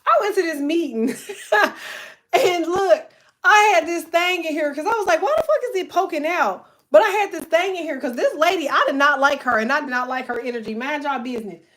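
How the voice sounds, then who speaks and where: A woman's voice: sits high, brisk, fairly bright tone. Rambling, foul-mouthed woman vlogger. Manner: profane, rambling, heavy filler "like". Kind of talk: casual rant to followers.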